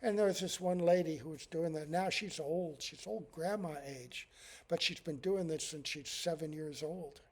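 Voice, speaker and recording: A man's voice: on the high side, normal speed, slightly rough. A man, a monk, giving a devotional scripture class in a conversational way, chuckling often and using many fillers.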